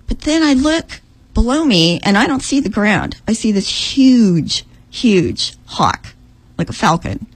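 A middle-aged woman recounts a dream with feeling, her voice a touch high and husky. She acts out what was said, jumping up in pitch for the quotes, in a dry, close sound. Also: dry recording, poor audio. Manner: animated, acts out her own lines in a higher voice. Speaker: guest telling a dream. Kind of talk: emotional storytelling.

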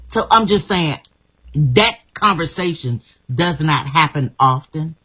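A woman's voice: lowish voice, a little slow, pushed and bright, husky. A woman guest giving an emphatic, encouraging personal testimony, often repeating her phrases. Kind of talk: motivational testimony.

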